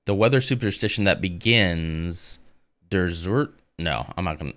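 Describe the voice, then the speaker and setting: A man with a low voice speaks loosely and conversationally. He drifts between reading text aloud and replying to his live audience. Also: moderate pace. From United States. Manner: relaxed and rambling, reads text aloud and answers chat. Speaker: live streamer. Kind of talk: casual live-stream chat and reading aloud.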